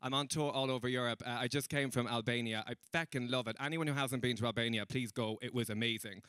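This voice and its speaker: Irish male stand-up, young, bright crisp voice, chatty, self-mocking, dry close sound. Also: mid-range voice, fairly even intonation, fast, no echo. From Ireland. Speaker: stand-up comedian. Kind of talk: stand-up comedy set. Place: comedy venue stage.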